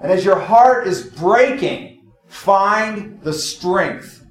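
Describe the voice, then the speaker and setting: High-pitched preaching man, echoey room. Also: expressive, extremely slow. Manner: earnest preaching, swings from hushed to insistent urging. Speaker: pastor. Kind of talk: sermon.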